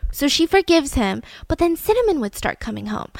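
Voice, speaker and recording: A woman hosting a casual chat, retelling a story with animated quoted voices and laughs. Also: sits high, quick pace, few pauses, no echo. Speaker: host.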